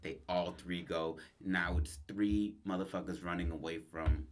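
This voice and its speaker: A man's voice: low-pitched, steady tone, unhurried. A man co-hosting a podcast, telling a crude story in casual chat and acting out the characters' lines in put-on voices. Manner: crude, laughing, acts out quotes in voices. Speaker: podcast co-host.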